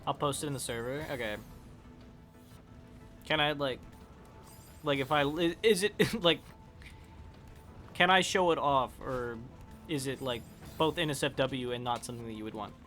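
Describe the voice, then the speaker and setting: A man's voice: medium pitch, moderate pace, long pauses, a bit bright, faint music behind. A man chatting casually with viewers while playing a game on a live stream, rambling and swearing when he fails.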